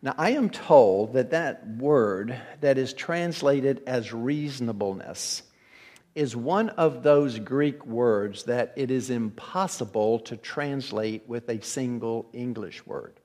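A man preaching an evening sermon to his church in a relaxed, conversational way, often restarting his words. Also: medium pitch, slow, big-room sound. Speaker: pastor.

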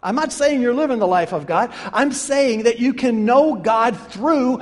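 A man preaching a sermon, emphatic and talking straight to his congregation, swinging between loud and quiet. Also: very high voice, expressive, measured pace. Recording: reverberant hall.

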